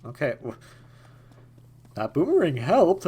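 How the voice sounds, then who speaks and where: A man's voice: medium pitch, wildly swooping pitch, a little slow, darkish tone, husky. A young man giving casual, jokey let's-play commentary, rambling and stammering over repeated words. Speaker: gaming YouTuber.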